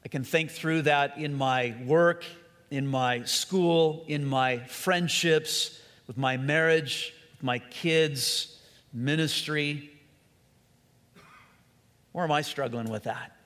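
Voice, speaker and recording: Male pastor preaching a sermon, fairly high voice, earnest emphasis, long hall reverb. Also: takes it slowly. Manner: earnest preaching, repetitive emphasis, drops to soft voice.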